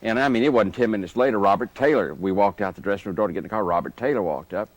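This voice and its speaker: A man being interviewed, telling lively anecdotes and chuckling as he goes. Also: on the low side, rapid-fire, dry recording. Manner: animated anecdote teller, chuckles through stories. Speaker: interview guest. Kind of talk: storytelling reminiscence.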